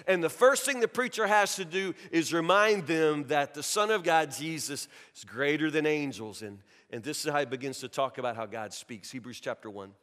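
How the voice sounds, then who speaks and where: Pastor preaching in a reverberant church. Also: male voice, on the high side, moderate pace, few pauses, fairly bright tone. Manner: folksy, storytelling, with frequent stammered restarts. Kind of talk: sermon. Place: church sanctuary.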